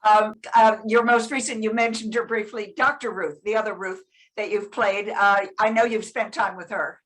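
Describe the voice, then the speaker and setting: A woman interviewer leading an onstage conversation at a book talk, asking measured, curious questions. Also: mid-range voice, fairly even intonation, a bit bright.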